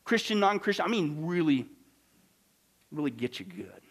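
A male pastor preaching a sermon, swinging from hushed, low lines to loud, emphatic ones. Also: big pitch swings, moderate pace.

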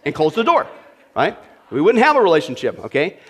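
A man with a high voice preaches a sermon. He is animated and humorous, and he often checks in with his listeners as he goes. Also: a little fast, husky. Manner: animated, humorous, talks straight to the audience. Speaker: pastor.

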